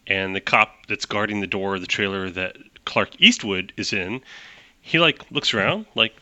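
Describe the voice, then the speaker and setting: A man narrating as game master of a tabletop game, talking in animated quick bursts with restarts. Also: on the low side, dry recording, muffled recording.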